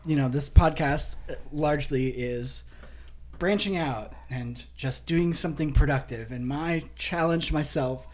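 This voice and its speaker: A man's voice: fairly high pitch, a little slow. A young man co-hosting a podcast, rambling and self-mocking in casual banter and often breaking into laughter. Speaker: podcast co-host.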